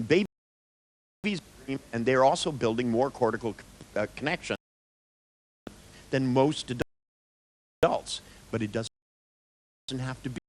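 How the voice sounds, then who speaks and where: A male workshop presenter telling stories to a room of listeners, his pitch swinging widely as he acts out the conversations. He sits at a middling pitch and quotes others freely in a lively, conversational lecture. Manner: animated storyteller, quoting others in dialogue. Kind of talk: storytelling lecture to an audience.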